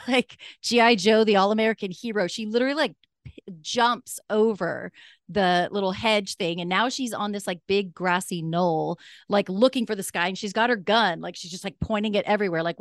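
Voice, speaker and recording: A woman's voice: mid-range voice, moderate pace, dry recording, clean studio sound. A young woman casually telling a personal story, chatty and full of "like" fillers. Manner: chatty, many "like" fillers, acts out quoted dialogue.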